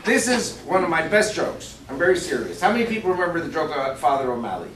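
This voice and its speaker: Man, guest lecturer, emphatic, questions the audience, fairly high voice, roomy echo. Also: big pitch swings, fast, noisy background. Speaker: guest speaker and author. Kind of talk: lecture to a club audience, with jokes. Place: banquet room of a shooting sports store. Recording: echoey room, far-off mic, faint ambience.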